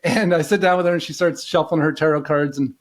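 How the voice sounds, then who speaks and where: A middle-aged man from the United States, a coach telling his life story as a podcast guest in a relaxed, rambling way, full of "you know" fillers. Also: fairly high pitch, fast. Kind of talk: casual storytelling in an interview.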